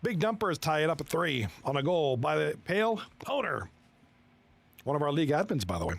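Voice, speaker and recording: A man giving live commentary on a video game hockey league, reacting excitably to plays and chatting with his viewers. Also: a little high, creaky. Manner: excitable, quick reactions to plays, chuckles often; chats with viewers between plays.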